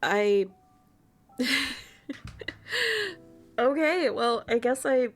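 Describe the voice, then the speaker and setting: Woman, live streamer, casual chat, slow pace, excitable, swears a lot. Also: fairly high pitch, soft background music.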